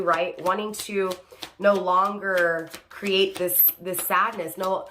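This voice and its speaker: A tarot reader with a fairly low, slightly bright voice gives an online reading, addressing the viewer by star sign. She rephrases each point and tags "right?" onto it as she restates it, with a little hiss or hum in the audio.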